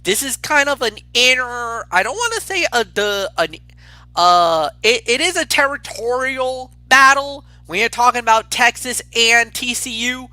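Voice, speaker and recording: A man co-hosting a casual football picks show, talking in an excitable, rambling way with frequent restarts. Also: very high voice, unhurried, no room sound. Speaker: co-host picking games. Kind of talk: casual sports picks chat.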